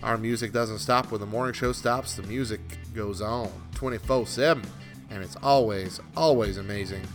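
A man hosting a solo morning radio show, ranting in an exasperated, self-mocking way, with a dry throat. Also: lowish voice. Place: radio studio.

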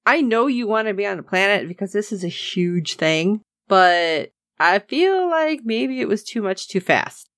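A woman co-hosting a casual chat, recapping an episode and acting out the characters' lines with lively reactions. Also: mid-range voice, unhurried, few pauses, no room sound, studio quality. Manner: animated, acts out characters' lines. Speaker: podcast co-host recapping a TV episode.

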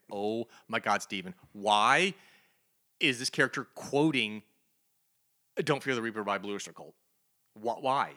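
Animated, bright-voiced man reviewing comics. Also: on the low side, measured pace, pauses often. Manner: animated, laughing, reading comic dialogue aloud. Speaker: podcast co-host. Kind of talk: casual comic book review chat.

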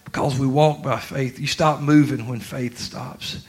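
A man preaching a sermon, dropping to quiet talk and then rising to shouts with laughter. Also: mid-range voice, fairly even intonation, unhurried. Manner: swings from quiet to shouting, laughing through lines.

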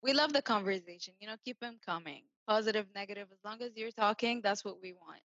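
A woman's voice: mid-range voice, fast, a bit bright, no echo, muffled recording. Chatty young woman podcast co-host. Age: young adult. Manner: chatty, with many "you know"s. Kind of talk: casual chat on a video call. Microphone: video call.

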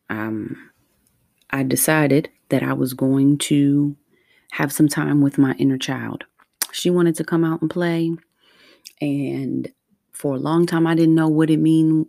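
Low, dark-voiced woman sharing earnestly. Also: vocal fry, dry recording. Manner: earnest, heartfelt, slow and deliberate. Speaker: vlogger. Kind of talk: personal reflective monologue.

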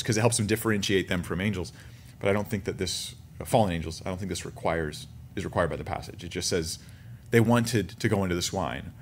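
Lower-voiced man preaching casually. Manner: conversational teaching, animated asides. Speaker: pastor. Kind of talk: sermon.

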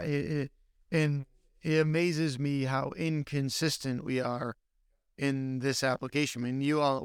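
A man hosting a podcast interview, asking questions with halting restarts. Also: mid-range voice, clean tone, no echo, clean studio sound. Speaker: podcast host, attorney.

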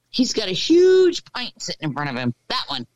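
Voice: medium pitch, dry recording, dull audio. A person in casual chat who keeps asking the others questions.

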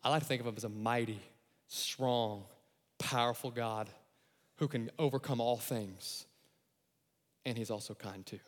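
Animated preacher in a reverberant hall. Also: male voice, medium pitch, a little slow, long pauses. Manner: animated, acts out voices and shouts the key lines. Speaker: pastor. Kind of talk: sermon.

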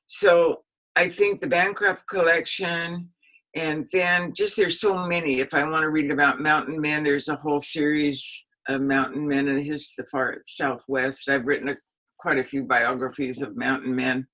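A woman's voice: low voice, fairly even intonation, moderate pace, fairly bright tone, poor audio. An older woman, a historian and author, recalling stories in a rambling, anecdotal interview with frequent laughter. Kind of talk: casual spoken recollection.

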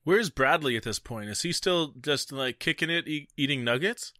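Bright-voiced male player asking questions. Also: a little high, lively intonation, normal speed, no room sound, clean studio sound. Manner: casual, questioning.

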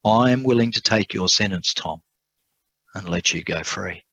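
A man voicing a kind, quiet male lawyer who speaks softly and patiently in a told sermon story. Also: low voice, vocal fry, breathy edge, dry recording, heavily acted, poor audio. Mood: gentle, patient. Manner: soft-spoken, measured.

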